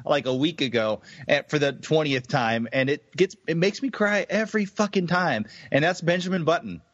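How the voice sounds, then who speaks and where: A man's voice: on the high side, lively intonation, normal speed, no echo. A man co-hosting a casual chat podcast, laughing often and swearing casually. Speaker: podcast co-host. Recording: dry muffled lo-fi mic.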